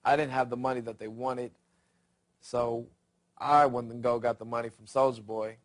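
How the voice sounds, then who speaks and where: A man calmly explaining his side of a story in a documentary interview. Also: medium pitch, moderate pace.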